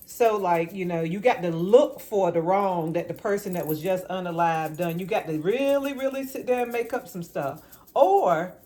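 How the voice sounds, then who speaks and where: Low-voiced woman chatting while cooking. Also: moderate pace, dark tone, slight background noise. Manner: rambling, repeats words for emphasis. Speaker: home cook vlogger. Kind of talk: casual cooking vlog chat. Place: home kitchen.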